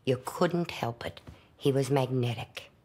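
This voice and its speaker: A woman's voice: extremely low pitch, a little slow, darkish tone. A woman giving a documentary interview, speaking emphatically and with enthusiasm. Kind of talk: reminiscing interview.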